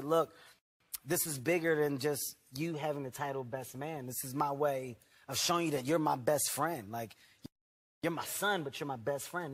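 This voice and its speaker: A man, a comedian, telling animated family stories full of laughter in stand-up and talk show clips. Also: on the high side, slightly rough.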